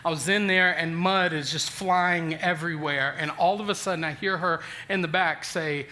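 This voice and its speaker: A man in his forties preaching a sermon, telling a funny personal story with lively self-deprecating humor and frequent restarts. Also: fairly high pitch, moderate pace, hardly any pauses. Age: 40s. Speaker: pastor.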